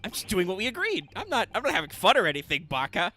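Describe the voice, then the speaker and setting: A man's voice: high voice, huge pitch swings, fast talker, sharp tone, faint music behind, voice pushed up, full character voice. A man voicing a doubtful, easily flustered young male defense lawyer. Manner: hesitant, defensive.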